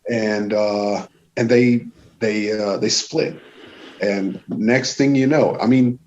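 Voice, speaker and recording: A man from Sweden with a Swedish accent, a guest telling a lively anecdote in casual chat and swearing freely. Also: on the low side, takes it slowly. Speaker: guest musician. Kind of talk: casual storytelling. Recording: dull lo-fi sound.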